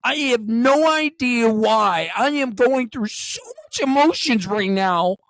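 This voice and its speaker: A man's voice: very high voice, lively intonation, takes it slowly, fairly bright tone, no room sound, full character voice. A man improvising as a clingy, dramatic pregnant young woman from the South, gushing over the phone and talking over the other person. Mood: indignant. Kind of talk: improv comedy scene.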